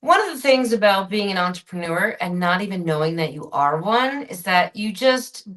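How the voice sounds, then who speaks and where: A woman with a mid-pitched voice, appearing as a guest on a podcast. She tells her stories in an animated, expressive way, in easy conversation with the host. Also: moderate pace. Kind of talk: conversational interview.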